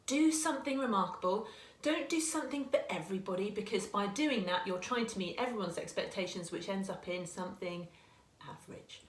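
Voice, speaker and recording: A woman's voice: medium pitch, animated, a little fast. A woman in her forties, a small business owner, giving earnest, chatty advice to camera and often restarting her sentences. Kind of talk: casual talking-to-camera advice. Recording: echoey room.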